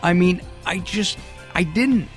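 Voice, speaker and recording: A man's voice: sits high, takes it slowly, soft background music. A middle-aged man hosting a radio health talk show, joking and chatty, with stumbling restarts. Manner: jokey, chatty, with filler restarts.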